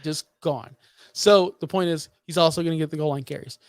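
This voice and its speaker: A man's voice: a little high, steady tone, a little fast, dry recording, studio quality. A man co-hosting a fantasy football podcast, talking in a fired-up, emphatic, ranting way. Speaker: podcast co-host. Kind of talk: heated fantasy football talk.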